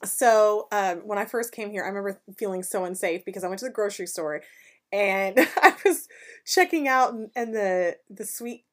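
A woman from Canada, co-hosting a podcast and telling animated stories while laughing easily. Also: mid-range voice, moderate pace. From Vancouver, Canada. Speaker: podcast co-host. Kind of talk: casual chat, storytelling.

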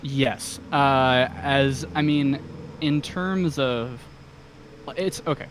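A man talking as a guest on a casual podcast, pitched in an ordinary middle range. He hesitates a lot, filling gaps with ums and restarting his sentences, yet stays eager and enthusiastic. A faint hiss sits under the voice. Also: drawn-out words. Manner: enthusiastic fan talk.

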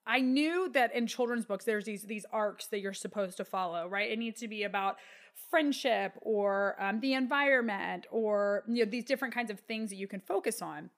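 A woman's voice: mid-range voice, moderate pace. A woman in her thirties with a Texan accent, speaking as an interview guest and telling a heartfelt personal story with lots of fillers. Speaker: guest, children's book author. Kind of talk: conversational interview.

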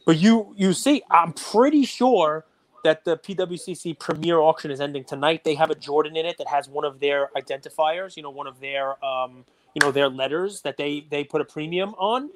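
A man co-hosting a podcast, talking casually and getting animated and worked up. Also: a little high, normal speed. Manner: animated, gets worked up and loud. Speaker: podcast co-host.

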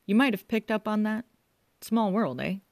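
A man's voice: high-pitched, expressive, normal speed, no room sound, clean studio sound, pitched above the performer's own voice. A woman reading an audiobook, voicing a puzzled young male guitarist who asks a lot of questions. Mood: sheepish. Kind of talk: audiobook character voice.

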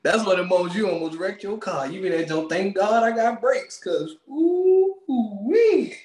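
A man co-hosting a podcast, ranting loudly with swearing and frequent laughter, speaking. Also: high-pitched, brisk, roomy sound. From Maryland, USA. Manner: loud, animated, swearing, laughing often. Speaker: podcast co-host. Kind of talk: casual comedic rant.

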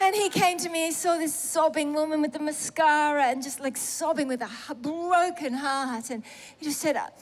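A middle-aged woman telling a personal testimony in a sermon, animated and self-mocking, laughing through emotional moments. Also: high voice, moderate pace, some chatter behind, a little hiss or hum. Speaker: preacher sharing a testimony.

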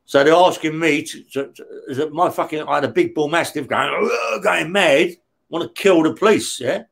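Rough-spoken man telling stories. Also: on the high side, normal speed. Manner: heavy swearing, frequent "yeah?" tag questions. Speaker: interview guest. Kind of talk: casual storytelling.

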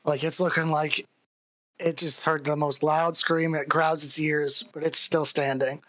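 A woman's voice: low voice, little pitch movement, unhurried, a bit bright, no room sound. A woman narrating a live tabletop game as dungeon master, in a casual, easygoing way. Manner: casual, laughing, describes the action plainly.

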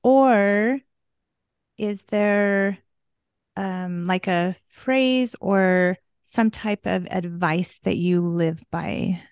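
A woman's voice: medium pitch, extremely slow, darkish tone, clear, resonant tone, dry recording, clean studio sound. A woman co-hosting a podcast, asking an interview question in a hesitant way, searching for her words. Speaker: podcast co-host.

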